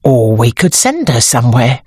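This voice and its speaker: A woman with an English accent voicing a brisk, matter-of-fact woman dressmaker in an audiobook, talking in a dry, businesslike manner. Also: extremely low pitch, sing-song, dark tone, slightly rough, no room sound, exaggerated voice. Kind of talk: audiobook character voice.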